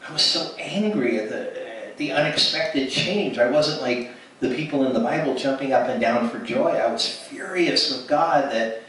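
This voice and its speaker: Recorded from far off in an echoey church hall with faint noise, a man speaking at a ministry event tells his testimony as a sermon. He acts out quoted dialogue and restarts often, his medium-pitched, slightly bright voice at a moderate pace.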